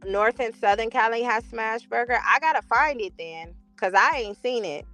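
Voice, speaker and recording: A woman from chats casually, her voice pitched a little high clear. She is animated and expressive, swearing freely as she reacts to viewers, and faint music plays underneath. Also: normal speed. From California. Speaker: livestream host reading chat. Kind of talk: casual chat.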